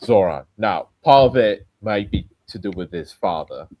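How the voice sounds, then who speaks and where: A man co-hosting a casual political podcast, explaining his points in a measured way. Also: lowish voice, animated, no room sound, muffled recording.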